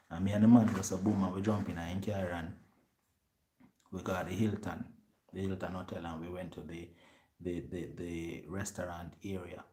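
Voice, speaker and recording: A man with a Jamaican accent telling a story to his viewers in lively patois, acting out what other people said. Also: sits low, moderate pace. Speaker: vlogger.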